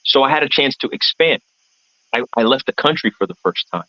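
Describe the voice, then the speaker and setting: A man's voice: mid-range voice, expressive, brisk, no echo, dull audio. A man from the United States, an artist and event MC, telling his story as a guest in an earnest, rambling, reflective way. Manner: rambling, earnest, searching for words.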